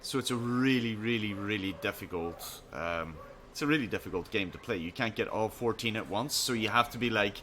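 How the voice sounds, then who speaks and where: A man with a bright, forceful voice tells a story on a chat podcast, acting out each person he quotes. His tone is lively and casual. A faint hiss sits under the recording. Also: lowish voice, fairly quick, hardly any pauses. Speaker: podcast co-host.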